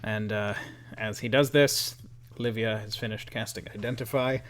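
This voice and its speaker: A man narrating as game master over a call, relaxed and chatty, with fillers and laughs. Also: fairly low pitch, normal speed.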